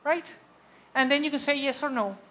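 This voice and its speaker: A woman's voice: sits high, moderate pace, sharp tone. Woman lecturing, asking "right?" a lot. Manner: conversational, checks understanding with frequent "okay?" and "right?". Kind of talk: academic lecture. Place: lecture room.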